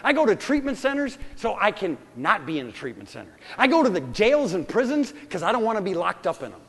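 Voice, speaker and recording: A man's voice: sits high, very animated, fast, a bit bright, slightly rough. A male pastor preaching a sermon with passionate, conversational delivery, often restarting his sentences. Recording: long hall reverb.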